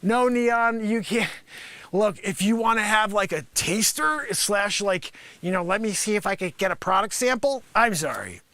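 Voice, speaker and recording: At normal speed and with no echo, a man improvises a sarcastic sales pitch for laughs on a live stream in a high, sharp, bright voice. His animated delivery rambles through filler, with wild pitch swings and sudden loud outbursts.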